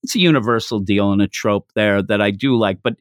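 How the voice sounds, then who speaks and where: A man hosting a podcast, chatting casually and excitably about a comic chapter. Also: fairly low pitch, brisk, no echo, studio quality. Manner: excitable, jumps into quoted voices. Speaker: podcast host reviewing manga. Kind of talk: casual review chat.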